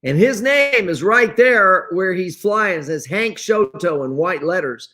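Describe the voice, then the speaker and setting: Slow, rambling man clearing his throat. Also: sits high, lively intonation, sharp tone. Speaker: host. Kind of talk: solo video commentary showing papers and photos to camera. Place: at home, items on his wall.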